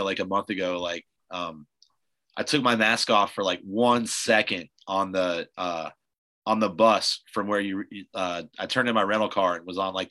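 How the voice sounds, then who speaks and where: A man with a lowish pitch and a bright, forceful voice, hosting a casual podcast. He rambles through his stories, packing them with "like" and "uh". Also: poor audio. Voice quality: loose, rambling storyteller with many fillers. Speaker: podcast host. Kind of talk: casual chat.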